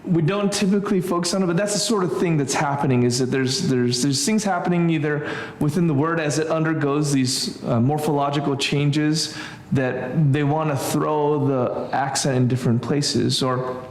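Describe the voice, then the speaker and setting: A man teaching a relaxed church Greek class, thinking aloud with many fillers and restarts. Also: a little high, normal speed, hardly any pauses, echoey room, a little hiss or hum. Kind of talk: informal church class lesson.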